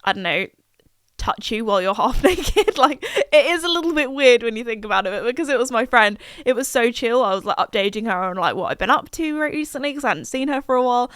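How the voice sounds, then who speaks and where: A woman's voice: on the high side, expressive, quick pace, a bit bright, no room sound, clean studio sound. A young woman, chatting casually and rambling on her solo podcast, full of fillers and asides. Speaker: podcast host.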